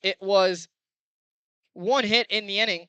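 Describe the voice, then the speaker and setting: Bright excitable young man calling baseball. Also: high-pitched, a little slow, clean tone, no echo, highs cut off. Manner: chatty, excitable, rises on big plays. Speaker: play-by-play announcer. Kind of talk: baseball play-by-play commentary.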